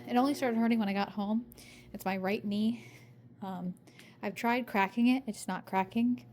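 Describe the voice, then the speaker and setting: A young woman recording a casual video diary at home, hoarse and out of breath, rambling in a tired voice and swearing often. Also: mid-range voice, warm tone. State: hoarse from singing; out of breath from pacing. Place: home kitchen, microwave running.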